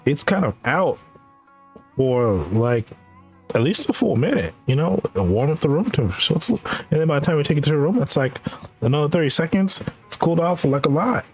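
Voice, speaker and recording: A young man streaming, telling a rambling, animated story in casual chat and laughing often. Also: fairly high pitch, a little fast, breathy edge, faint music behind. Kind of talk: casual chat while gaming.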